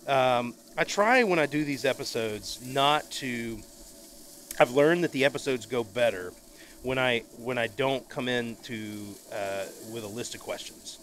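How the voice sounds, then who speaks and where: A man hosting a casual podcast interview outdoors at a barbecue grill, talking in a relaxed, rambling way. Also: medium pitch, measured pace, a little hiss or hum. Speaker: podcast host. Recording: faint grill sizzle behind. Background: food sizzling on the grill.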